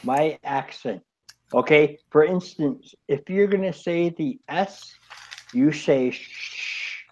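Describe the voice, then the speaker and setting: Slow halting man on muffled call audio. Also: a little high, a little mellow. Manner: halting, loose, swearing, many fillers. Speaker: regular on a chat show. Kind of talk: casual group chat over a call.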